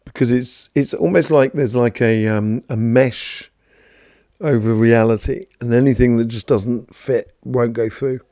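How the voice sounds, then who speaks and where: Man, gravelly voice, mellow tone, chatty and rambling, live stream host. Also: mid-range voice, fairly even intonation, measured pace, no room sound, clean studio sound. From London, England. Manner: rambling, chatty, greets viewers by name, many fillers. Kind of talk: casual spiritual talk answering viewers.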